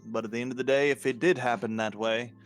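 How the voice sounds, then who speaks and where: A man voicing a solemn, formal river king in a tabletop game, speaking in a measured, hesitant way. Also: medium pitch, fairly even intonation, soft background music, lightly acted. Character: solemn middle-aged human river king.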